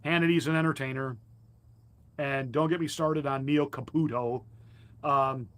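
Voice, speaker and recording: A man's voice: mid-range voice, steady tone, measured pace, a bit bright. A male pastor delivering a combative, mocking political commentary monologue with emphatic jabs.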